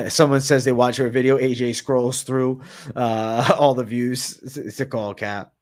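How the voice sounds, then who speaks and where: A man's voice: mid-range voice, steady tone, unhurried. A man hosting a livestream, casually answering chat with slang and frequent swearing. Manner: profane, slangy, reads and answers chat comments.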